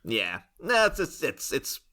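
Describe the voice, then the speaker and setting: A man's voice: medium pitch, wildly swooping pitch, unhurried, sharp tone. An English man co-hosting a podcast, chatting casually and rambling with frequent chuckles and restarts. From England. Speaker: podcast co-host. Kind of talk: casual chat.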